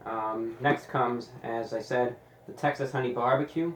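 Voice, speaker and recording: Dry-humored man reviewing fast food. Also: mid-range voice, roomy sound, slight background noise, poor audio. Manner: deliberate, dry sarcastic asides.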